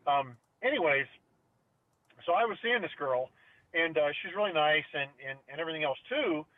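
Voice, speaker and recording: A man's voice: fairly high pitch, dry recording. Rambling man on a thin phone-like line. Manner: rambling, many fillers and restarts. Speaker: podcast co-host. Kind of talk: casual storytelling chat. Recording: dry, phone-like narrow sound.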